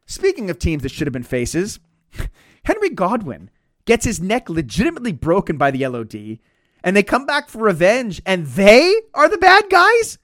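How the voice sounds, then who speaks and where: A man's voice: sits high, huge pitch swings, moderate pace, no room sound, clean studio sound. A man hosting a comedic podcast, talking in a sarcastic, profane, ranting way. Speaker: podcast host.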